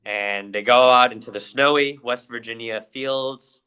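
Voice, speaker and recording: A young adult man, a podcast co-host, retelling events in a casual, animated storytelling way. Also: mid-range voice, a little slow, a little hiss or hum, poor audio. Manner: animated retelling with acted-out quotes.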